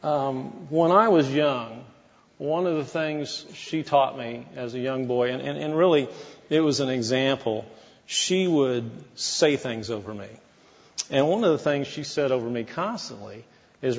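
A man's voice: medium pitch, a little slow, in a large hall, dull audio. A man preaching a sermon as pastor, in a folksy, conversational way with asides to the congregation.

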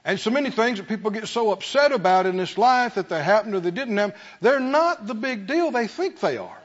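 A man preaching a fervent sermon to his church, swinging from quiet asides to shouted praise. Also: high voice, animated, brisk, highs cut off. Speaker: pastor.

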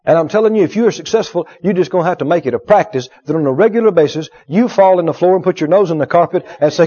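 A man's voice: fairly high pitch, quick pace, hardly any pauses, warm tone. A man preaching a sermon, emphatic and repetitive, acting out quotes with humor. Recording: dull lo-fi sermon recording.

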